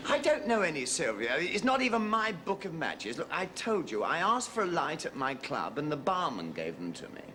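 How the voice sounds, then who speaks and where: A man's voice: moderate pace, hardly any pauses, noisy background. An actor playing a charming, wheedling, womanizing middle-aged husband in a sitcom. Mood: coaxing. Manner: charming, wheedling, with lively pitch swings. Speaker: philandering husband. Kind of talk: studio sitcom acting.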